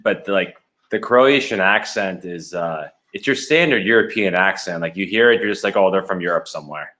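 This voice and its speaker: A young man from Canada chats as a podcast guest, his voice sitting fairly low. He tells stories loosely and often breaks into laughter along the way. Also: lively intonation, normal speed, pushed and bright. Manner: chatty storyteller, laughs often. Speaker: guest, hockey goalie. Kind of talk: casual podcast chat.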